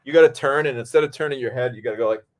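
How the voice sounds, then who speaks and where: Podcast host guy telling a wild story, loose and animated, swears a lot, mid pitch voice. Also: racing. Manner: animated, acts out quotes, swears freely. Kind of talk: casual storytelling.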